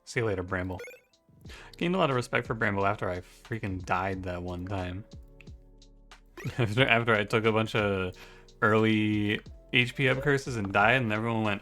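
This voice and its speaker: A man's voice: on the low side, moderate pace, bright, forceful tone. A man giving casual gameplay commentary, sleepy from just waking up, rambling and thinking aloud as he plays. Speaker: gaming YouTuber. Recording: faint background music.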